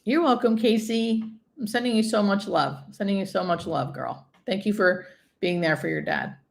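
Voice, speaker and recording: A hospice nurse hosting a casual livestream, chatting with viewers and telling stories in a rambling, friendly way. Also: female voice, mid-range voice, normal speed, gravelly. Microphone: webcam or phone setup for a livestream.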